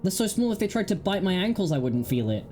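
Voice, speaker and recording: Low-voiced woman giggling through game commentary. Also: sing-song, quick pace, mellow, faint music behind. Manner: chatty, giggly, wry asides to herself. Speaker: gaming video host. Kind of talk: casual let's-play commentary.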